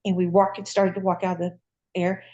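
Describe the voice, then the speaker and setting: A woman's voice: on the low side, flat delivery, a little fast, warm tone, muffled recording. An older woman, a retired nurse, telling her story in a casual interview, acting out dialogue and laughing often.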